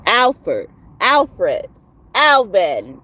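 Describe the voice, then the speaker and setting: A woman's voice: medium pitch, wildly swooping pitch, very slow, breathy edge. A woman tarot reader ranting to her viewers in a heated, profane, emphatic way. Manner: profane, emphatic, rising to shouts. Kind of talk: heated casual rant to viewers.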